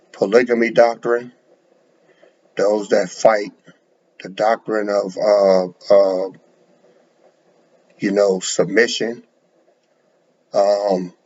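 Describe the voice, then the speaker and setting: A man's voice: on the low side, a little mellow, slight background noise. A man preaching bluntly, lecturing and repeating words as he speaks, in a dull lo-fi recording. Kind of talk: sermon to camera.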